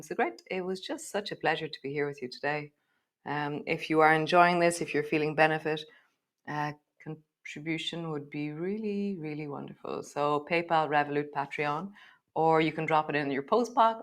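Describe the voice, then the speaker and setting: A woman guiding a live yoga class, chatty and relaxed, laughing at herself. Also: sits low. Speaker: yoga teacher.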